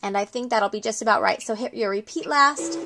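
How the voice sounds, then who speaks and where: A woman's voice: a little high, expressive, a little fast, background noise. A woman hosting a casual crafting tutorial at home, chatty and upbeat, often wandering into friendly asides while she works. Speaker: craft video host.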